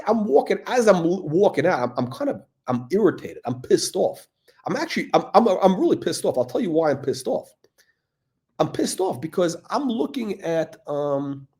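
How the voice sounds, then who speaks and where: A man's voice: medium pitch, darkish tone. A man hosting a watch channel, talking in a rambling, sarcastic monologue full of fillers, restarts and swearing. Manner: sarcastic, profane, meandering with many fillers and restarts.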